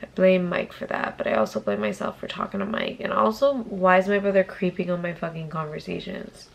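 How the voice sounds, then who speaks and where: A woman's voice: on the low side, lively intonation, brisk, gravelly. A young woman from Massachusetts telling a casual storytime vlog, chatty and profane, with whispered asides. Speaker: YouTuber.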